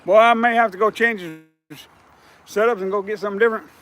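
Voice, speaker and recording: On a riverbank outdoors, a man hosts a fishing livestream, chatting casually and rambling as he repeats himself. His hoarse, scratchy voice is high and fairly bright, with a level tone and fast pace.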